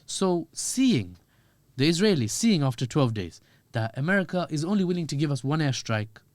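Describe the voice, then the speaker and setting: A man, a podcast guest giving animated, joking analysis with quick asides. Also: a little high, dry recording. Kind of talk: podcast discussion.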